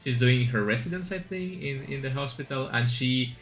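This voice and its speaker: A man's voice: mid-range voice, normal speed, a bit bright, soft background music. A man streaming a game, chatting casually and rambling with asides and fillers as he plays. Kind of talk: casual chat while gaming.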